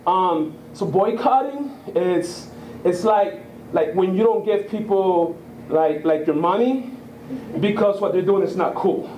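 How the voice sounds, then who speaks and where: An earnest eight-year-old boy full of grievance, halting on "um" and "like", as a man quotes him in his own lowered voice. The sound is echoey, with a faint hiss. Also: warm tone. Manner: hesitant, full of "um" and "like".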